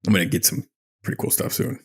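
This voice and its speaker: A man co-hosting a casual podcast, answering in short, laid-back replies and frequent backchannel sounds. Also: fast talker. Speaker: podcast co-host. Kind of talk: casual chat.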